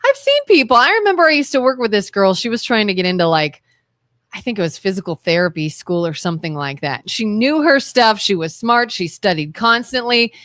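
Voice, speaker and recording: A woman's voice: mid-range voice, animated, brisk, a bit bright, dry recording, clean studio sound. A woman co-hosting a radio talk show, chatty and telling stories, with an Ohio accent. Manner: chatty, storytelling. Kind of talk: casual conversational talk. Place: radio studio.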